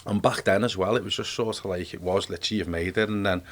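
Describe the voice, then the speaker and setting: Podcast guest: Scouse man, 40s, deep, rapid, rambling and chatty. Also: steady tone. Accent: Liverpool. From Liverpool, England. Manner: rambling, peppered with "mate" and "you know what I mean". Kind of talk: casual life-story chat.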